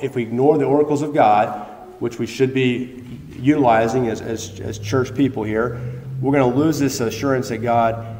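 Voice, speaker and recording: A male pastor preaches in a casual, animated way, often restarting his sentences as he leans into a point. His voice sits at an ordinary middle pitch. It rings through a roomy church with a long, trailing echo. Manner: conversational, animated storytelling with many restarts. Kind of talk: sermon. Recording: echoey hall, long reverb.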